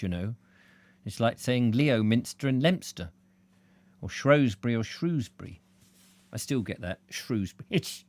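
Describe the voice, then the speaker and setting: A man's voice: on the low side, darkish tone. A man reading a travel book aloud, breaking off into playful, self-mocking comic asides. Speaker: audiobook reader.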